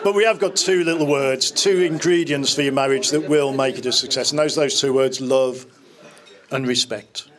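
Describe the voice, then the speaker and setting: Man, fifties, mid-range voice, speaking at a wedding reception; warm-hearted jokes and memories, casual restarts. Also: mid-range voice, steady tone, normal speed, crowd noise. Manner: fond, joking storytelling with small restarts. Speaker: wedding speaker standing in for the bride's father. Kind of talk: wedding speech.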